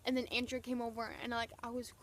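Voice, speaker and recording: A young woman tells a story to her camera, gushing and breathless, her talk stuffed with fillers. Her voice sits a little high. There is a faint hiss of noise behind her. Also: level tone, fast talker, a bit bright. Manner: gushing, breathless, lots of "like" and "oh my gosh". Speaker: vlogger. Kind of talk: excited storytelling vlog.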